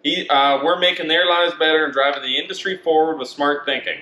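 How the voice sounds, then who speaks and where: An upbeat man hosts a casual chat, thanking supporters with quick asides. His voice is bright and forceful, a little high. It is recorded in an echoey room with faint noise. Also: fairly even intonation.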